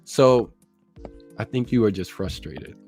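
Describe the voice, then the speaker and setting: A man's voice: lowish voice, animated, unhurried, darkish tone, soft background music. A man hosting a casual podcast chat, laid-back and calling people "bro". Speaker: podcast host.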